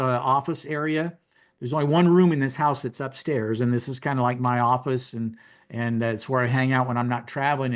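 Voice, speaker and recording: A man in his sixties giving folksy, conversational preaching from his home office over a video call, repeating phrases for emphasis. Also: mid-range voice. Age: 60s. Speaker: guest minister teaching.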